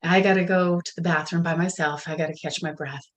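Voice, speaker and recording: A middle-aged woman in casual conversation, telling family stories in an animated way, often slipping into quoted voices and laughing. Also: fairly low pitch, brisk, low-quality recording.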